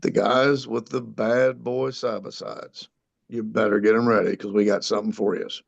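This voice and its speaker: A man's voice: lowish voice, fairly even intonation, moderate pace, vocal fry, lo-fi sound. A man co-hosting a podcast, casually hyping an upcoming race with lots of hesitant fillers. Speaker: podcast co-host, race promoter. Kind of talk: casual chat.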